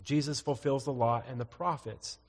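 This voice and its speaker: Male pastor, mid pitch, expository sermon with read-aloud verses, hall reverb. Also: fairly even intonation, moderate pace. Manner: teaching through scripture, reads verses aloud, frequent "uh" fillers.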